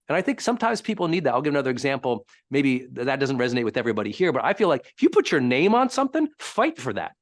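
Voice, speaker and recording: A man giving a live teaching talk as a high-performance coach, telling stories in an emphatic, animated way. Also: very fast, few pauses.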